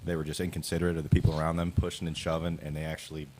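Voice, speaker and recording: A man co-hosting a casual talk show who explains a news story to the panel in a halting way, with many pauses. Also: very deep voice, flat delivery, darkish tone, a little hiss or hum. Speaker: co-host. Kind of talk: casual chat, summarizing the news.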